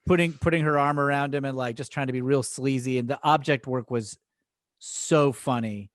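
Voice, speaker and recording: Dry-sounding man telling animated stories. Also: medium pitch, normal speed, dry recording. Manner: animated storytelling, laughs often. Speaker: improv teacher, podcast guest. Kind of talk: casual chat.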